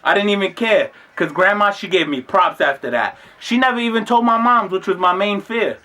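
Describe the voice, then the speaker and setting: A man telling a comedic story casually on his vlog. He talks in a slangy, animated way, swears freely and bursts into shouts when he acts out scenes. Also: sits high, normal speed. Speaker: vlogger.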